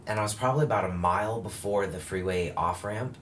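A man's voice: lowish voice, fast, fairly bright tone, slight background noise. A man in a candid, casual conversation, telling a long personal story with frequent fillers and self-corrections. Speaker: guest telling his story.

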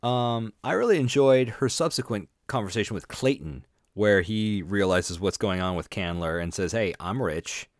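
A man's voice: fairly low pitch, normal speed, hardly any pauses, no echo, studio quality. A man co-hosting a casual book podcast, giving wry comments and mock-quoting characters. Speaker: podcast co-host.

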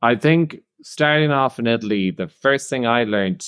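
A man's voice: mid-range voice, animated, normal speed, fairly bright tone, clean tone. Chatty Irish man co-hosting a podcast. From Ireland. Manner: chatty, teasing, laughs often. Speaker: podcast co-host. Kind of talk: casual chat.

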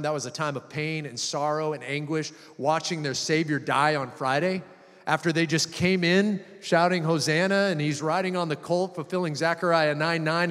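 A man's voice: a little high, fairly bright tone. A man preaching a sermon, reading scripture and retelling it dramatically, acting out the voices he quotes. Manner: dramatic, acts out quoted voices with rising intensity. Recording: long hall reverb.

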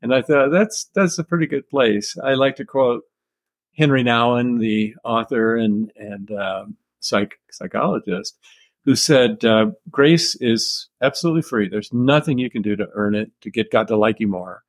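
An older American man speaks at a middle pitch in a measured, reflective way, telling stories with quiet chuckles. The sound is dry and close, with no room around it. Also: dry recording. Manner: measured, thoughtful storytelling with soft chuckles. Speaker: author being interviewed. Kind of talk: reflective interview answers.

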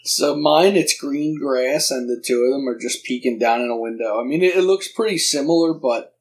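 A man's voice: mid-range voice, moderate pace. A man co-hosting a podcast in laid-back casual chat, chuckling as he talks. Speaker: podcast co-host.

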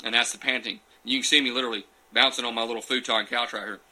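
Talking fast in a steady, medium-pitched voice with a bright, forceful tone, a man runs a casual live Q and A from his futon couch. He answers viewer questions from a small room, chatting folksily and calling out viewers by name.

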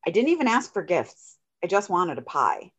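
A woman's voice: lowish voice, very animated, moderate pace, fairly bright tone, husky. Chatty woman telling a story. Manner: chatty, rambling storyteller with fillers. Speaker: podcast co-host. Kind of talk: casual storytelling chat.

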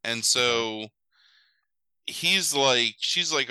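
Bright, crisp-voiced man chatting casually. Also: medium pitch, animated, slow pace, long pauses, dry recording, poor audio. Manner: rambling, profane, full of fillers and asides. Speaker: podcast host recapping a film. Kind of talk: casual chat.

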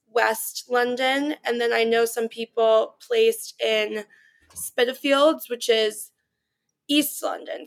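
A woman's voice: fairly high pitch, gravelly, a bit bright. A young woman in her twenties answering interview questions in a chatty, casual way, often saying "you know" and "like". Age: 20s. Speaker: study-abroad student guest.

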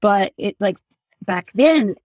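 An Argentine woman whose first language is Spanish tells her story as a guest in conversation. Her medium-pitched voice is expressive with a darkish tone, and her earnest, halting speech is full of "like" fillers. The recording is dry.

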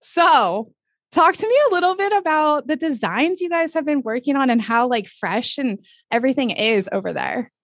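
A woman hosting a podcast interview, gushing and enthusiastic, talking in quick bursts with frequent laughs. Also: high-pitched, animated, no room sound, studio quality. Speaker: podcast host. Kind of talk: upbeat casual interview.

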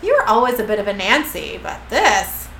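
A woman's voice: medium pitch, big pitch swings, moderate pace, fairly bright tone, a little hiss or hum. A woman reading the lines of a smug, cornered male scribe angel, recapping a TV episode. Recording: echoey room with faint ambience.

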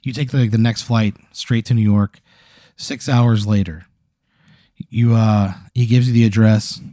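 A man's voice: on the low side, steady tone, measured pace, warm tone, no room sound, clean studio sound. A man hosting a comedy podcast, telling a long absurd hypothetical story full of acted quotes and frequent laughs.

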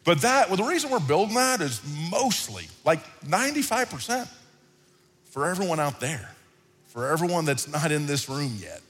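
A man preaching a sermon in a conversational, animated style, often repeating himself. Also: a little high, moderate pace. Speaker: pastor. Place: large hall, church service. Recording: reverberant hall with faint music.

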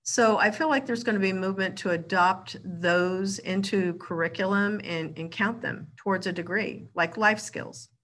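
A woman's voice: mid-range voice, moderate pace, few pauses, fairly bright tone, a little hiss or hum. A woman hosting a podcast discussion, sharing her predictions in a conversational, think-aloud way. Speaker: podcast host.

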